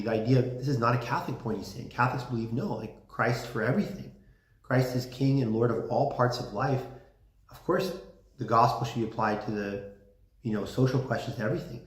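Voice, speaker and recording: A man giving a casual classroom lecture, chatty and full of fillers, with lively emphasis. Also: medium pitch. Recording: roomy classroom echo.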